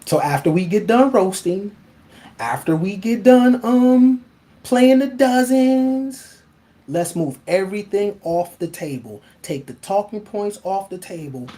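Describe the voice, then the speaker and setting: Male host, blunt and profane, animated casual monologue, laughs a lot. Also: sits high, measured pace. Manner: laughs often.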